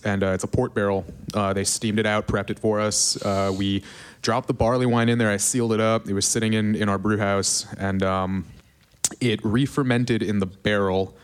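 A man's voice: on the low side, flat delivery, normal speed, smooth. A man who works as a brewer, telling a story in a casual podcast chat, rambling with plenty of likes and ums.

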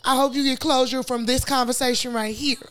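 A woman's voice: high-pitched, steady tone, fairly quick. A young woman co-hosting a podcast in casual chat, emphatic and slangy, often affirming her co-host.

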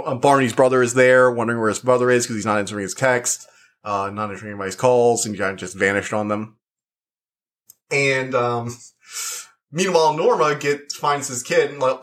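A young man chatting his way through a show review with easy informality. He rambles and fills the gaps with likes and uhs. His voice sits at an ordinary middle pitch. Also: fairly bright tone. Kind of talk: casual review chat.

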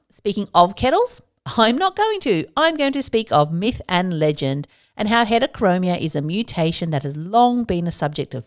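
A woman hosting a solo podcast, talking casually with playful asides and self-mocking jokes. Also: on the low side. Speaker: podcast host.

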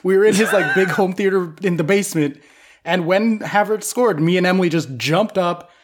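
A young man co-hosting a casual podcast chat, excitable and swearing freely as he rambles as a fan. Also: high voice, moderate pace. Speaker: podcast co-host.

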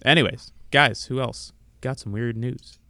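A man's voice: mid-range voice, measured pace, sharp tone, dry recording. A man co-hosting a casual soccer podcast, reading out odd news items and adding wry comments. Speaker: podcast co-host. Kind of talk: casual chat.

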